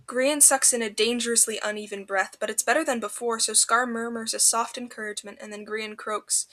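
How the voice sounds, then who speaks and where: A woman narrating fanfiction for a podcast with an expressive, emotional delivery. Her voice is bright and a touch high, and she reads in a storybook manner. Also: a little fast, few pauses.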